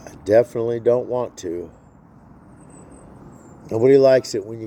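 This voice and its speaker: Sixties man, low dark voice, blunt and profane, rambling vlog outdoors. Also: expressive, normal speed, long pauses. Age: 60s. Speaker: vlogger.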